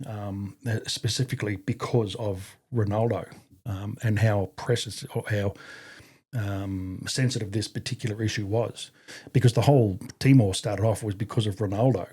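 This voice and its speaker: Here a fifties-aged Australian man, a former soldier, spins casual yarns during an interview. He talks at normal speed in a lowish, mellow, slightly rough voice with fairly even intonation, full of fillers, rambling, and casual cursing.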